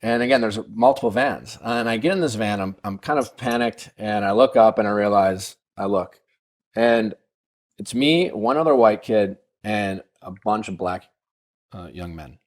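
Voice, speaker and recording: A man's voice: fairly low pitch, normal speed. A man hosting a podcast, casually telling a long personal story, full of fillers and tag questions. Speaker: podcast host.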